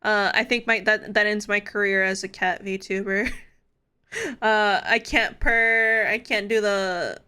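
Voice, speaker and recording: A woman's voice: medium pitch, fairly even intonation, takes it slowly, pushed and bright, clean tone. A woman live-streaming in casual chat, playful and giggly, swearing freely.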